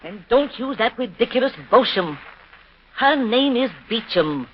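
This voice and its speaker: An actress playing a scheming, sharp-tongued niece who switches between biting scorn and sugary sweetness, in a 1930s radio drama. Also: on the high side, lively intonation, unhurried, background noise. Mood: impatient. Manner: scornful and biting, sugary when it suits her. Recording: dull lo-fi 1930s radio recording.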